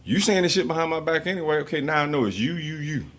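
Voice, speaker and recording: A man's voice: fairly high pitch, animated, quick pace, fairly bright tone. A man, hosting a podcast and telling stories in a blunt, profane way. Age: 50s. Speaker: podcast host. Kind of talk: casual podcast chat.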